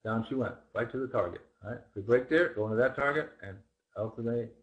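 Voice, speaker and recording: Teaching a live trading seminar, a man walks through charts using rhetorical questions and repeated phrases. His mid-range voice moves fast, and the sound is lo-fi.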